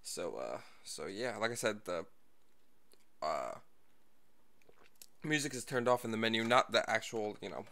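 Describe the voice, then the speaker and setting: Male gaming streamer, out of breath, rambling, bright and smooth tone. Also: on the low side, lively intonation, a little slow, pauses often. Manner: rambling, lots of fillers, self-deprecating. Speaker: gaming livestreamer. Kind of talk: casual gameplay livestream talk.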